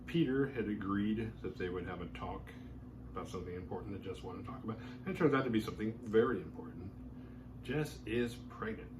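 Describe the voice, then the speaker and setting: A man's voice: lowish voice, noisy background. A man hosting a podcast, recapping a horror film in a loose, slangy way and acting out the characters' lines. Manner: chatty, slangy, acts out characters' lines in quotes. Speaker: podcast host reviewing horror films.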